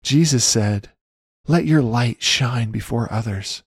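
Husky man reading a devotional story. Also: mid-range voice, no echo, clean studio sound. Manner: earnest, measured reading with scripture citations. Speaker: Christian storyteller. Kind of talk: read devotional testimony.

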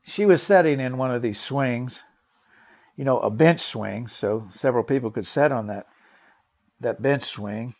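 Preaching at a measured pace, a man with a medium, darkish voice tells a personal story within his sermon. His delivery is earnest and emphatic, with lots of repeated words and direct questions aimed at the congregation.

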